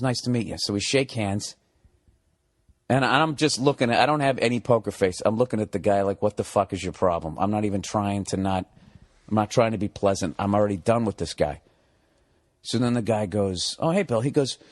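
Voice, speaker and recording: A man's voice: medium pitch, no room sound, clean studio sound. A man hosting a podcast, telling a story in a profane, sarcastic way and acting out both sides of an argument. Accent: Boston. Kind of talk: casual storytelling monologue.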